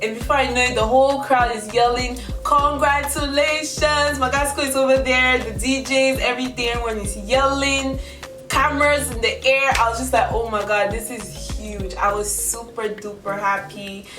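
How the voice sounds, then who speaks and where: Young woman telling a story to camera, kinda high voice, echoey and a bit far off with music under. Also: moderate pace. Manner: chatty, animated, acts out her own quotes. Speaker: vlogger. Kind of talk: casual storytelling. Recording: roomy echo from a distance, music behind. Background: background music.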